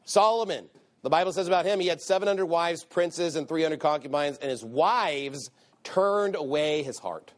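Emphatic preaching man, slightly high voice. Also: moderate pace. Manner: emphatic, repeats phrases for stress; reads scripture aloud in King James wording. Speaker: pastor. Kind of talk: sermon.

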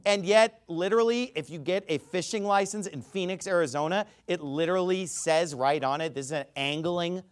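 A man's voice: sits high, normal speed, few pauses. A man giving a ranting commentary, emphatic and sarcastic, who often stammers and restarts his sentences. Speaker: religious commentator.

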